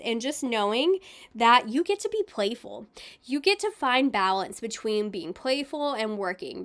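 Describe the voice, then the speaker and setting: A young woman giving a casual, gentle and upbeat tarot reading with frequent fillers. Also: mid-range voice. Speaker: tarot reader.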